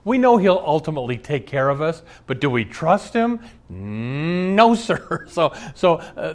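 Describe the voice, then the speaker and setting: A man preaching a sermon, telling stories with emphasis and occasional laughs. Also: mid-range voice. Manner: storytelling, emphatic, frequent laughs. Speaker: pastor.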